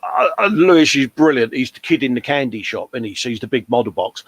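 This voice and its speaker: A man's voice: medium pitch, expressive, brisk, husky, no echo. Chatty British man hosting a livestream. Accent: British English. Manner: chatty, reads out viewer comments, calls people mate. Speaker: livestream host. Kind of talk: casual livestream chat.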